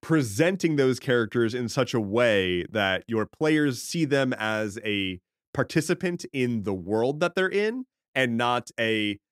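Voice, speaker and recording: Lively, thoughtful man podcast co-host. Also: medium pitch, measured pace, few pauses, no room sound, clean studio sound. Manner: thoughtful, explains at length, joking asides. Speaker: podcast co-host and game master. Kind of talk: casual podcast chat about tabletop games.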